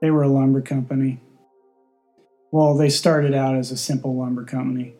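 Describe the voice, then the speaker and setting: A man reads a story aloud in a steady, deadpan manner. His voice is mellow and dark-toned, with faint music behind him. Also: mid-range voice, normal speed. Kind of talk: storybook narration.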